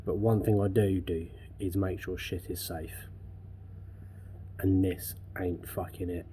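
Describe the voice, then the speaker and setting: A man's voice: deep voice, level tone, slow, dark tone, a little hiss or hum. A man restoring a car in his workshop vlog, ranting angrily with heavy swearing. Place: garage workshop.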